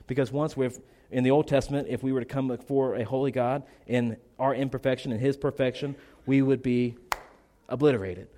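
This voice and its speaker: This man preaches as a pastor, his voice medium in pitch and warm in tone, though still a little congested. His delivery is earnest, built on repetition and rhetorical questions.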